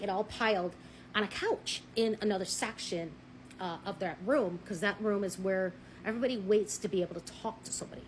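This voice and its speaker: A woman telling a personal story in a blunt, animated way, swearing freely and acting out what people said. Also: medium pitch, slight background noise, rough recording. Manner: married. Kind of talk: casual storytelling.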